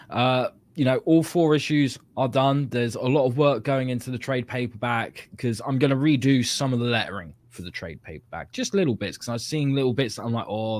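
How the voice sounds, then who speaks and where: A comic book creator talking casually and enthusiastically about his project with friends. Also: mid-range voice. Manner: upbeat, enthusiastic. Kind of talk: casual group chat.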